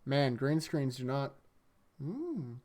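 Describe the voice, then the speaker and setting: Male vlogger, slightly high voice, chatty and animated, tossing in impressions. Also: fairly quick. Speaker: anime recap YouTuber. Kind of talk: casual rambling recap. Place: indoors in front of a green screen.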